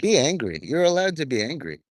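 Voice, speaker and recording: A man's voice: a little high, very animated, fairly quick, dry recording. Rambling, profane man talking to camera. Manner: profane, stream-of-consciousness, drifting between topics. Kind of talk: rambling monologue to viewers.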